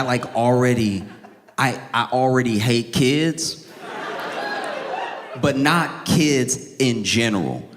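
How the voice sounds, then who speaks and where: A man doing stand-up comedy on stage, telling stories with animated, high-pitched exasperation. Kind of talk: stand-up set. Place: comedy club stage with a live audience. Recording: live venue with long reverb. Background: audience laughter.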